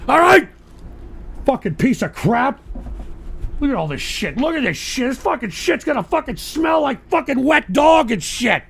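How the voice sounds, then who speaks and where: A man hosting a live-stream radio show, ranting angrily at his chat and cursing and yelling at his audience. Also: extremely high pitch, big pitch swings, moderate pace, gravelly, slight background noise.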